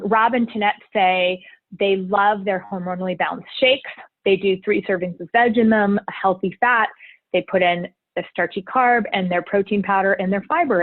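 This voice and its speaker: A woman hosting a live online wellness class, upbeat and chatty as she reads out viewers' chat messages. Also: mid-range voice. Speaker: cleanse program host. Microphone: video call. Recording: tinny phone-like call audio.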